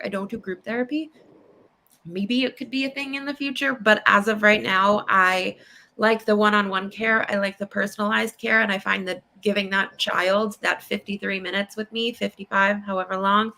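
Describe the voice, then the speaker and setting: Bright-voiced young woman therapist. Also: mid-range voice, a little hiss or hum. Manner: animated, acts out kids' voices with laughs. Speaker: child therapist, guest. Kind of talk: casual interview talk.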